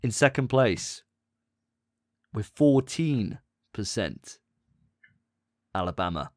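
A man hosting a podcast in casual chat, animated and often laughing. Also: fairly low pitch, no room sound, clean studio sound. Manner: animated, laughing, quick asides. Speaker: podcast host.

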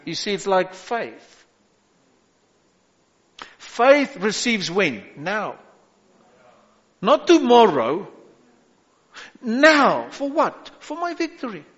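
Male pastor, sermon delivery, slow and deliberate, lo-fi hall recording. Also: sits high, big pitch swings, a bit bright. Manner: preaching with rising exhortations and call-outs. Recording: echoey hall, dull lo-fi sound.

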